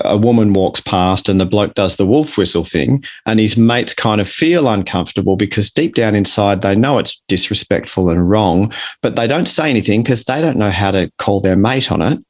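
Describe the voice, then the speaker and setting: An Australian man speaking earnestly as an author guest in a podcast interview, getting animated when he acts out his examples. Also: lowish voice.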